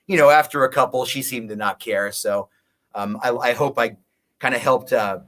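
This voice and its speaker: In a relaxed interview, a visiting musician with a mid-range, fairly bright voice talks at a moderate pace. His long, rambling stories keep stopping and starting over.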